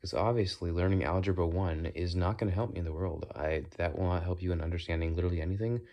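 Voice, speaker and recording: A man's voice: low voice, fairly even intonation, fast talker, dark tone, dull audio. A young man rambling opinionated thoughts while walking outdoors, now and then playing with silly accents and sounds. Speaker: vlogger. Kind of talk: casual walking monologue.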